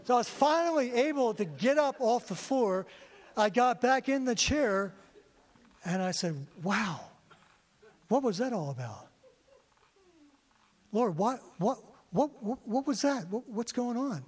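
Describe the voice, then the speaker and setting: In a long, reverberant hall, a man delivers a sermon testimony in a very high-pitched voice with big pitch swings. He speaks unhurriedly, pausing often, telling his story emotionally and returning to the same words again and again.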